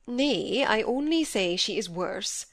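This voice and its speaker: A woman reading aloud, voicing a calm, matter-of-fact middle-aged male doctor in a storybook. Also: on the high side, slow, no echo, clean studio sound, heavily acted. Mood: measured.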